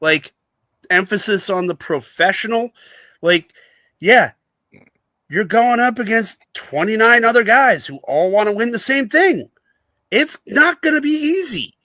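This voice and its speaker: A man's voice: high voice, expressive, measured pace, pushed and bright, no echo. A man co-hosting a sports podcast in casual chat, sarcastic and mocking, slipping into whiny put-on voices. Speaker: podcast co-host.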